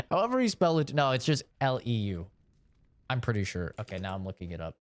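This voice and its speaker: A man from Canada ranting on a live game stream, opinionated and animated, spelling words out letter by letter. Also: medium pitch, normal speed, long pauses, no room sound. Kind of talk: casual rant during a live game stream.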